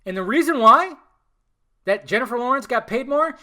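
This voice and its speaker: A man's voice: very high-pitched, expressive, moderate pace, bright, forceful tone. A man hosting a solo podcast, ranting heatedly and swearing a lot. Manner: heated, swearing, emphatic rants. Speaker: podcast host.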